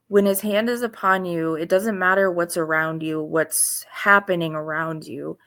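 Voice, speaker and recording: A woman giving informal devotional teaching in an earnest, halting way, with pauses and restarts. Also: lowish voice, fairly even intonation, fairly bright tone. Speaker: faith video host.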